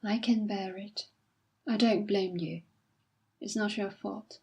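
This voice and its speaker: A woman reading aloud as a jilted young woman who is quiet, dignified and self-sacrificing. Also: mid-range voice, fairly even intonation, slow, slightly rough, heavily acted. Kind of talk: audiobook reading.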